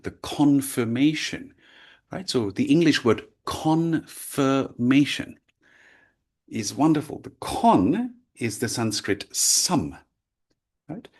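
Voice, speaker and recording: A man's voice: mid-range voice, a little mellow. A man teaching a lecture, explaining with frequent checks like "right?" and "yeah?". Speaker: language teacher.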